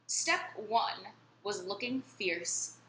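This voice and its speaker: A woman reading a children's story aloud in a friendly, lively storytime manner, speaking to young listeners. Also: medium pitch, drawn-out words. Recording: echoey room, faint noise.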